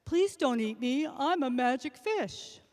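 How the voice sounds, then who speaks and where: Magic talking fish, put on by a woman storyteller: slow, grave, in a reverberant hall. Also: sits high, expressive, a little mellow. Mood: pleading.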